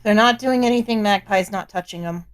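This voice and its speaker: A woman at mid pitch takes part in a tabletop session. She drops brief, casual remarks about what her character does. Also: a little fast. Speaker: player. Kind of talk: playing a tabletop game.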